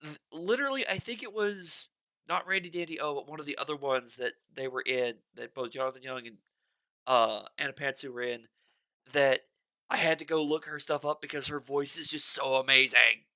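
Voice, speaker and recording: A man hosting a music reaction video, chatting excitedly and rambling through his thoughts, with faint music behind him. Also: a little high, moderate pace, dry recording, studio quality. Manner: excitable and rambling, with many restarts and bursts of enthusiasm. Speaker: music reaction channel host. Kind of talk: casual reaction commentary. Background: faint music from the song being reacted to.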